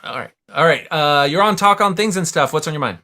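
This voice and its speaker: A man hosting a live call-in show, brisk and upbeat as he takes callers. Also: on the high side, expressive, pushed and bright. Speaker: host.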